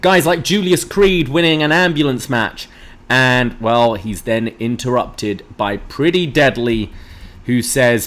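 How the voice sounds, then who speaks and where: A man's voice: medium pitch, measured pace, fairly bright tone. Guy cohosting a wrestling podcast, running down the show, doing the lines. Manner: recaps events, mimics wrestlers' lines. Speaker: co-host.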